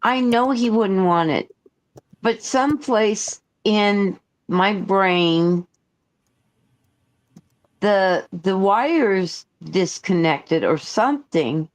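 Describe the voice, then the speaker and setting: Woman, grieving caller, halting, slow-spoken, searching. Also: medium pitch. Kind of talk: talking through grief.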